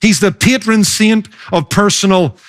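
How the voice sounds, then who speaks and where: A man preaching a sermon as pastor, emphatic, slowing down and speeding up to stress his points. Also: high-pitched. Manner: emphatic preaching with varied pace.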